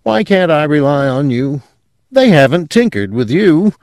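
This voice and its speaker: A husky, shaking man pleads in a high, strained voice, swinging wildly up and down as panic over his own memory grips him, as a male narrator puts him on. The sound is close and dry, like a spoken-word storybook. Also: big pitch swings, moderate pace, a little mellow, no room sound. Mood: anguished. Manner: desperate, pleading.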